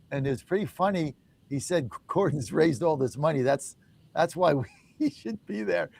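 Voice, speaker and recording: A man hosting a live talk radio show, emphatic and animated, often laughing as he talks. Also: on the high side, gravelly.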